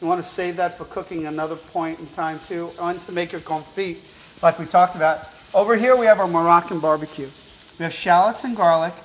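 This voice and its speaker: A man's voice: a little high, fairly even intonation, brisk, a little hiss or hum, poor audio. A man hosting a cooking show, giving upbeat, chatty step-by-step instructions with an encouraging, teasing manner. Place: show kitchen at the stove.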